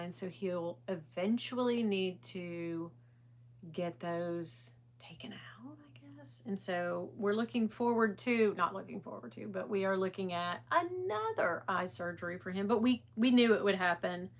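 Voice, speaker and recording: A middle-aged woman hosts a casual livestream, speaking at medium pitch and a moderate pace. She's animated, chatting in a rambling way and greeting viewers by name.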